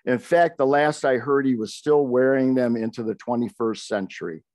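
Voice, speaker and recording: A man's voice: mid-range voice, normal speed, a little mellow, dry recording. An older man, a poet, reading aloud from his memoir with wry, conversational asides.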